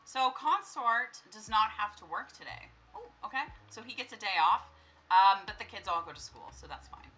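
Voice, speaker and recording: A young woman with a bright, forceful voice gives casual gameplay commentary. She chats with the characters on screen as if they could hear her and sometimes bursts into startled, laughing screams. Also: medium pitch, expressive, normal speed, poor audio. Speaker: gameplay streamer. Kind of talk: casual let's-play commentary.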